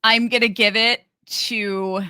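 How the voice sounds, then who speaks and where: A woman co-hosting a casual podcast, laughing often and speaking in halting bursts with restarts. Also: a little high, steady tone, pushed and bright, clear, resonant tone. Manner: giggly, halting, many restarts. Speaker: podcast co-host.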